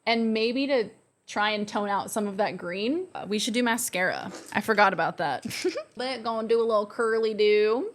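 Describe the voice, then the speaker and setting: A young woman chatting through a makeup tutorial, excitable and gushing, joking with the camera and gasping in delight. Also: medium pitch, normal speed. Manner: excitable and gushing, with frequent gasps and squeals; playful, self-mocking banter to the camera. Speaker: beauty vlogger. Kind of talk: chatty get-ready-with-me makeup vlog.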